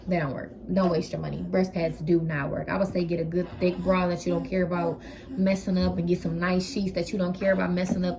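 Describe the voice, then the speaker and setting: A woman's voice: lowish voice, a little mellow, a little hiss or hum. A woman, a first-time mother, talking candidly at home in a casual vlog and giving frank advice. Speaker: first-time mother sharing postpartum experiences.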